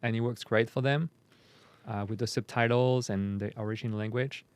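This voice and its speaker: Relaxed Parisian man, mid-pitched voice. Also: normal speed, smooth, dry recording. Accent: Parisian French. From Paris, France. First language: French. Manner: relaxed, thoughtful, hesitant explaining. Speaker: guest, French teacher. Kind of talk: casual conversation.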